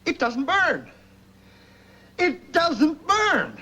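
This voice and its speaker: An excitable, blustering boss. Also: male voice, on the high side, brisk, breathy edge, exaggerated voice. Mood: astonished. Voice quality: blustery, theatrical. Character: excitable, blustering middle-aged male boss. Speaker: businessman. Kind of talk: 1940s film acting.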